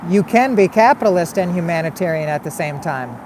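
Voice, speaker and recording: A man's voice: high voice, lively intonation, a little fast, noisy background. A man hosting a casual livestream, reading viewer comments and arguing back with repeated rhetorical questions. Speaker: livestream host.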